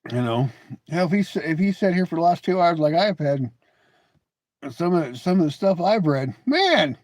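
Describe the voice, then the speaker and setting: A man's voice: fairly high pitch, sing-song, moderate pace, darkish tone, no room sound, studio quality. A man hosting a casual live stream, answering viewers in chat with mocking, teasing remarks, often laughing and repeating words as he starts a thought.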